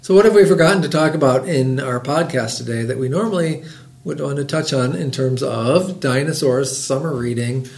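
A middle-aged man hosting a library podcast, reading a picture book aloud with lively voiced characters. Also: medium pitch, normal speed, creaky, roomy sound.

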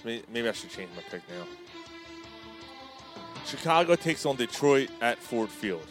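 A man's voice: medium pitch, very animated, a little slow, faint music behind. A man hosting a casual sports podcast, chatting in a laid-back, profane way.

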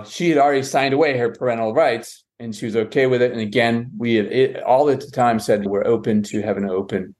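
A man, a guest on a podcast, telling a long personal story and acting out what others said, with frequent restarts and self-corrections. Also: mid-range voice. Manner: lively, quotes others with "she goes" and "I said". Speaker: guest, adoptive father.

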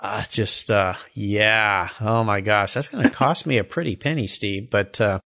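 A man's voice: fairly low pitch, unhurried, gravelly, sharp tone. Enthusiastic male podcast host. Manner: enthusiastic, exclaiming. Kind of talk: interview podcast.

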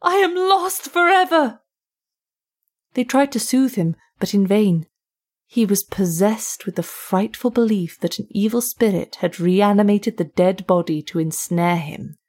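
A woman who narrates a short story and hosts the show, reading in a measured, even way. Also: medium pitch. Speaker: narrator and host.

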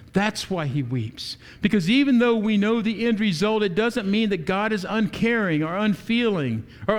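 A man preaching a sermon as pastor, animated, asking the congregation rhetorical questions. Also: sits high.

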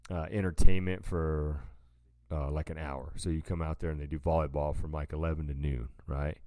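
A man's voice: rumbling low, flat delivery, normal speed, warm tone, no echo, clean studio sound. A man co-hosting a podcast, casually telling a rambling story and calling his listener "dude" a lot. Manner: laid-back, rambling, says "dude" a lot. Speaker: podcast co-host.

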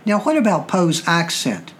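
A man with a Southern accent from Virginia talks through his podcast in a measured, deliberate way. His voice sits a little higher than most men's. A faint hum of room sound lingers behind him. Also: wildly swooping pitch, fairly bright tone. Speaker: podcast host. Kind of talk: explanatory podcast talk.

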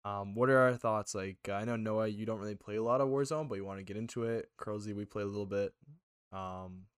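A man's voice: on the low side, brisk, smooth, dry recording, studio quality. A man hosting a casual gaming podcast, rambling with a lot of fillers and steering the conversation between topics. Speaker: podcast host.

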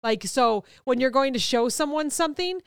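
A woman co-hosting a casual podcast, chatting in a smooth, clear voice a bit higher than most. The sound is dry and close to the mic. She tells stories animatedly and slips into quoted voices. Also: lively intonation, normal speed, no room sound. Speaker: podcast co-host. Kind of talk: casual chat.

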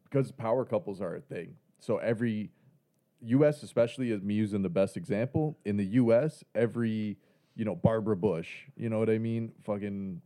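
A man's voice: fairly low pitch, a little fast, warm tone. A man from Canada co-hosting a podcast, laid-back and slangy with dry humor. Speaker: podcast co-host. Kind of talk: casual chat.

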